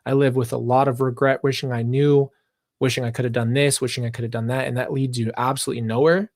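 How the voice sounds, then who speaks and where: A man's voice: medium pitch, flat delivery, fast, darkish tone, no room sound, studio quality. Earnest man hosting a live reaction stream. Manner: earnest, reflective, rambling tangents; talks straight to viewers and chat. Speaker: reaction channel host.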